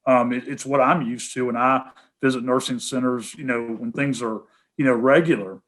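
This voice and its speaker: A man with a Tennessee Southern accent, a guest speaker taking questions over a video call in an earnest, halting way. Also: mid-range voice, fairly even intonation, fairly bright tone. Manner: many fillers and restarts, earnest. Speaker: guest speaker, healthcare association head.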